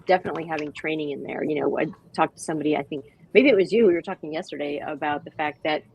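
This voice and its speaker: Interviewed as the founder of a dog-park nonprofit, a woman speaks with animated enthusiasm, acting out little quoted voices. Her low, husky voice races along with vocal fry, and the recording is lo-fi.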